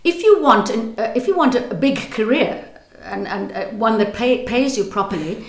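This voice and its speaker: A woman's voice: on the high side, lively intonation, normal speed, reverberant. An older South African woman with a South African accent, an actress speaking in an interview, thoughtful and hesitant with frequent restarts.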